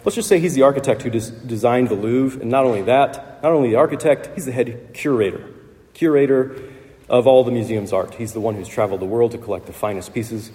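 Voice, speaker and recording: A man's voice: mid-range voice, a little fast, warm tone. A man preaching a sermon in a conversational way, with fillers and small laughs. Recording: long hall reverb.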